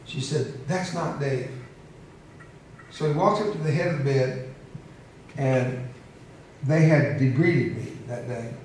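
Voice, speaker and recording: A man's voice: mid-range voice, slow, long pauses, darkish tone, a little hiss or hum. A man in his seventies giving a storytelling speech to an audience, humorous and emotional, often laughing. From United States. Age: 70s. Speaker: motivational speaker. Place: large hall with an audience. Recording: echoey hall, heard from a distance.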